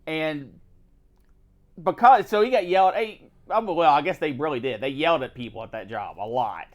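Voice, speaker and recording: Lively, animated male storyteller. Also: a little high, moderate pace. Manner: animated storytelling, acts out other people's lines. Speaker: co-host. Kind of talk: casual chat.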